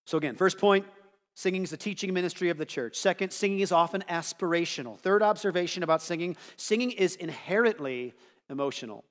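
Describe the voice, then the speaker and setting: Man preaching, somewhat high voice, animated conversational delivery, long church-hall reverb. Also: fast. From United States. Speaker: pastor. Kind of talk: sermon.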